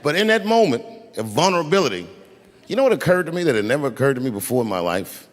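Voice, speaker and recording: A male stand-up comedian telling stories on a handheld mic, swinging into loud acted-out outbursts, live in a large arena with the audience laughing. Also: mid-range voice, sing-song, fast, long reverb tail. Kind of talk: stand-up routine. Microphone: handheld stage mic. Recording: live arena with roaring crowd.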